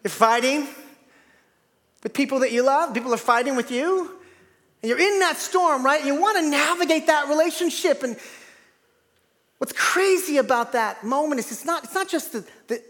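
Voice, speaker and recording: A man preaching a sermon in a church, dynamic, swinging from loud to hushed. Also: very high-pitched, moderate pace, big-room sound. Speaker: pastor. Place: large church hall.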